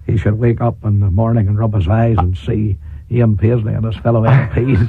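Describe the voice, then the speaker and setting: A Northern Irish man, a politician and preacher, giving a forthright, deliberate radio interview with frequent chuckles. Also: on the low side, steady tone, vocal fry, slightly rough, no echo. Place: radio studio. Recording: dry tinny 1980s radio broadcast.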